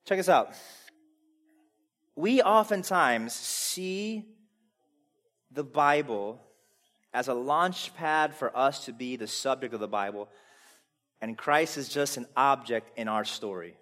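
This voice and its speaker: A man of medium pitch preaches slowly, pausing often, in a conversational tone. Rhetorical questions go out to the congregation as he shifts between loud emphasis and quiet asides.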